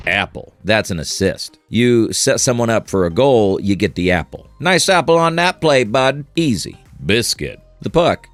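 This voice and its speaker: Lively, joking man narrating. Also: fairly low pitch, dry recording. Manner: joking, buddy-style delivery. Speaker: narrator of a hockey channel. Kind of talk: scripted explainer narration.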